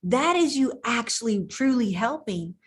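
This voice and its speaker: A woman's voice: fairly high pitch, lively intonation, a little slow, slightly rough. A middle-aged woman coach giving an emphatic motivational talk, repeating words and restarting her sentences. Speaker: life coach.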